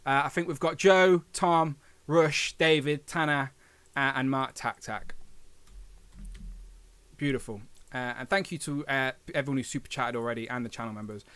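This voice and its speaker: A man's voice: medium pitch, moderate pace, a bit bright, smooth, no echo. A man from England with a Coventry accent, hosting a casual live stream, chatty and self-deprecating and laughing often. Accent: English, Coventry.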